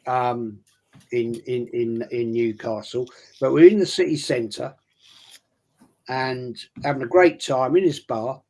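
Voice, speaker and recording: A man, chatting on a stream and telling long anecdotes that trip over their own restarts. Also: mid-range voice. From London. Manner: rambling anecdotal storyteller with frequent restarts. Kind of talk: casual chat on a live stream.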